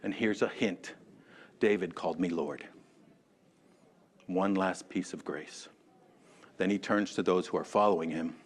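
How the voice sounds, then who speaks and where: Male Sunday school teacher, low voice, lively and conversational, addresses the class by name. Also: slightly rough. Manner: animated, chatty, calls on class members by name. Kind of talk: conversational sermon. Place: church classroom.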